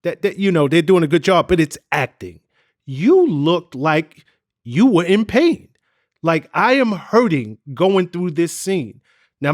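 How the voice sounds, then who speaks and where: A man's voice: high-pitched, no room sound, clean studio sound. A man interviewing a guest and asking earnest, probing questions, laughing often.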